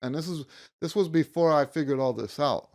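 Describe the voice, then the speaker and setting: A man's voice: fairly high pitch, brisk, darkish tone. A man teaching a music lesson, counting beats aloud and stopping to rephrase himself as he explains.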